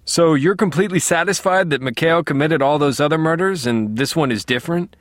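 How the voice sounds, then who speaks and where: A man's voice: a little high, brisk, no room sound, studio quality, voice pushed up, natural voice. A man voicing a nervous male reporter pressing a question. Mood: probing. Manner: probing, then stunned.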